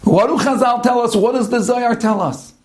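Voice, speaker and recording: A man giving a Torah lesson in a sermon style, asking rhetorical questions and mixing Hebrew terms into his English. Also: very high-pitched. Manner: rhetorical questions, drawn-out emphatic pauses. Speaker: rabbi giving a Torah talk.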